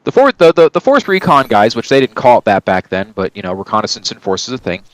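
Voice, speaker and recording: Quick and sing-song at medium pitch, a streamer spins a long, rambling story in casual chat on a low-quality recording with no echo. He curses freely and repeatedly asks "right?"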